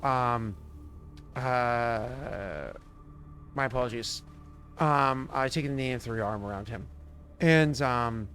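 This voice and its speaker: A man's voice: mid-range voice, fairly bright tone. A man narrating as game master, rambling and filled with ums and uhs.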